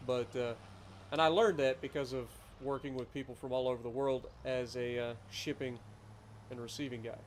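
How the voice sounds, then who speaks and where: A man's voice: mid-range voice, steady tone, normal speed, a little hiss or hum, low-quality recording. A man from the Ohio foothills with an Appalachian accent, chatting and telling stories while streaming a farming game, enunciating carefully. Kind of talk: casual live-stream chat.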